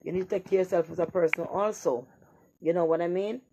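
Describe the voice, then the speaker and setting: A woman's voice: lowish voice, steady tone, fast, very noisy. A woman talking bluntly in a rambling, profane casual monologue.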